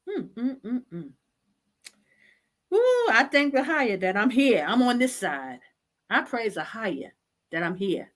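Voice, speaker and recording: A woman's voice: mid-range voice, fairly bright tone. A woman hosting an online talk show, scolding her listeners in an impassioned, exasperated and repetitive way.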